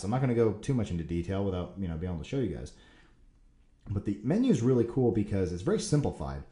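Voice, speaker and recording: Deep-voiced man chatting in a roomy space. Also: mellow. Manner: rambling and enthusiastic, many fillers. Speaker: Q&A show host. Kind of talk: casual chat answering viewer questions. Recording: roomy echo.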